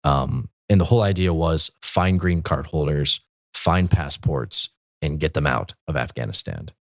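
A man's voice: a bass voice, lively intonation, unhurried, vocal fry, no room sound, clean studio sound. A man, a Catholic military chaplain, telling his story in a loose, rambling way with many fillers and restarts. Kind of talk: conversational storytelling.

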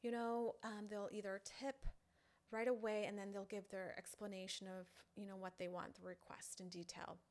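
A woman who creates online content talks casually to her fans in a halting way, full of fillers. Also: medium pitch, level tone, darkish tone. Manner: chatty, halting, full of "you know" fillers. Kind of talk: casual direct-to-camera talk.

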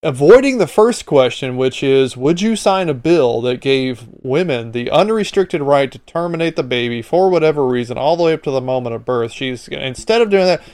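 A man's voice: on the high side, darkish tone, dry recording. A man hosting a podcast, commenting bluntly and with exasperation on a hearing clip. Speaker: podcast host.

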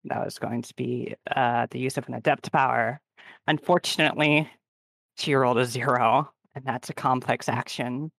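A man's voice: mid-range voice, steady tone, normal speed, gravelly, a bit bright, dry recording. A man playing his character in a tabletop role-playing game, making dry, wry asides about his rolls. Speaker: player.

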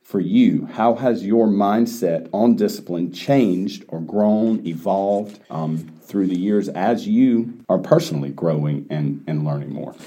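A male podcast host with a low voice and a very dark, mellow tone. He asks thoughtful, reflective questions and answers his guest with brief agreements. He speaks steadily through the conversation. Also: a little slow, few pauses. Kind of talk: podcast interview.

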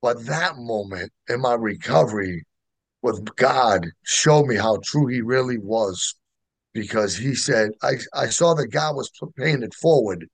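A middle-aged man with a gravelly, creaky voice. He tells his recovery story in casual, slangy talk with lots of fillers. The sound is dry and close, with no room around it. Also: medium pitch, lively intonation, a little slow, no echo. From Boston area. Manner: emotional, street slang, many fillers. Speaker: guest sharing recovery story.

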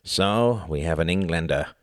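A man's voice: sits low, expressive, normal speed, dry recording, studio quality. A man voicing a menacing, crude thug with a contemptuous, snarling manner. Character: menacing bald German thug, crude and sneering.

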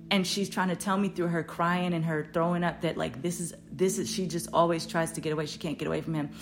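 A woman podcast host with a low-pitched voice tells a story in a casual, animated and profane style. Whenever she quotes herself, her voice jumps up loud.

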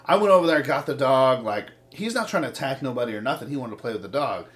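A man's voice: medium pitch, fast. A man in casual chat, telling stories with lots of swearing and acted-out quotes. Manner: profane, animated storytelling with quoted voices.

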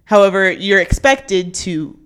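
A woman's voice: medium pitch, animated, unhurried, fairly bright tone, clear, resonant tone. A woman hosting a podcast, responding with sympathy and frequent exclamations. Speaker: podcast host. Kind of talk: casual podcast conversation.

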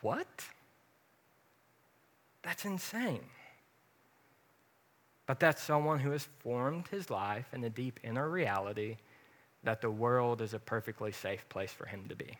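A man's voice: medium pitch, normal speed, fairly bright tone. A man preaching an informal sermon, earnest and personal, with bursts of joking. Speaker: pastor.

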